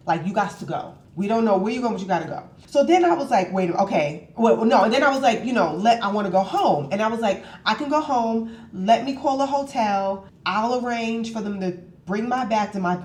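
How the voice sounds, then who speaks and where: A woman's voice: medium pitch, roomy sound, a little hiss or hum. A woman vlogger in a hotel room, telling a travel story casually and acting out the dialogue. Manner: animated storytelling, acts out both sides of the dialogue.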